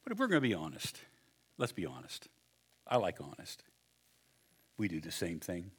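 A man preaching a sermon, animated and joking, acting out the people in his story. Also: low-pitched, normal speed, husky. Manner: animated, acts out voices with humor. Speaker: pastor.

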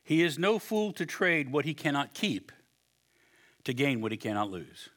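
A man preaching a sermon, animated and joking, acting out the people in his story. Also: fairly high pitch, normal speed. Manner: animated, acts out voices with humor. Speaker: pastor.

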